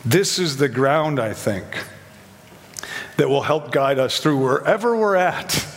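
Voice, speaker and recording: Guy preaching, chatty sermon, kinda high voice, echoey hall. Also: expressive, a little slow, slight background noise. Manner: conversational, acts out quoted voices, asks questions.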